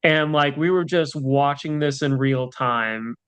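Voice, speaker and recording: A man's voice: on the high side, a little slow, a bit bright, smooth, muffled recording. A man co-hosting a podcast in casual chat, rambling with lots of fillers. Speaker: podcast co-host.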